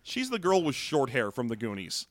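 A man's voice: medium pitch, huge pitch swings, normal speed, no echo, studio quality. A man co-hosting a casual movie recap chat, wry and sarcastic, often laughing. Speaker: podcast co-host.

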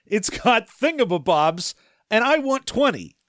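A man's voice: high-pitched, big pitch swings, fairly bright tone, no room sound, studio quality. Playful, laughing male co-host. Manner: playful, quick jokes and laughs. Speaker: podcast co-host. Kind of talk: casual book-discussion chat.

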